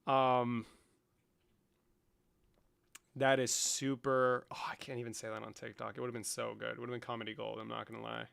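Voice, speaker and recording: Man, American, live-stream host, teasing, crude humor, bright tone, dry close sound. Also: medium pitch, flat delivery, a little fast, creaky, smooth, no room sound. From United States. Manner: teasing, crude joking, mock-scolding. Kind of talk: casual live-stream chat.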